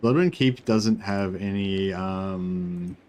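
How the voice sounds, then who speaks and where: Low-voiced man rambling over gameplay. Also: takes it slowly, darkish tone. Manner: rambling, thinks aloud with fillers and restarts. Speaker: streamer. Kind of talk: casual gameplay commentary.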